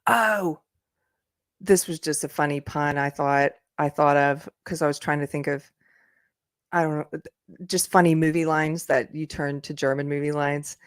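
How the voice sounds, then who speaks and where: A woman with a low voice hosts a relaxed livestream, chatting loosely, wandering into asides and breaking into laughter. The sound is dry and close, with little room around it. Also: normal speed, no echo. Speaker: livestream host. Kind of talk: casual live chat. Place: indoors, upstairs room.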